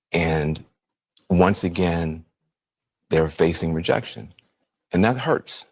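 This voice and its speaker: A man giving solemn, heartfelt commentary on a television broadcast, speaking in an earnest, measured way. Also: low voice, a little mellow, no room sound. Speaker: TV political commentator.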